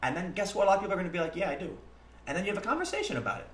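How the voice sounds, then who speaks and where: A man's voice: sits high, huge pitch swings, very fast. A man hosting a livestream, talking earnestly in casual commentary and acting out back-and-forth exchanges. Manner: earnest, conversational, acts out quoted exchanges. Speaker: livestream host. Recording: roomy echo with faint background noise.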